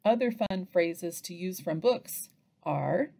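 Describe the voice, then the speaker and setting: A woman giving an instructional training narration for early reading teachers, pausing to chant example phrases. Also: fairly low pitch, creaky, noisy background. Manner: slow, lively delivery with chanted example phrases.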